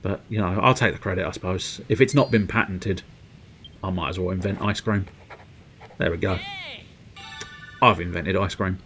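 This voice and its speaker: A man's voice: low voice, steady tone, normal speed, long pauses, a bit bright, a little hiss or hum. A man giving casual, rambling gameplay commentary on a stream, self-mocking and sweary.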